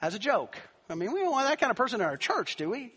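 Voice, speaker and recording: A man's voice: very high voice, very animated, fast, fairly bright tone, slightly rough. A middle-aged man, a pastor, tells a family story in a conversational way and then preaches with rising emphasis. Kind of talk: sermon with personal story.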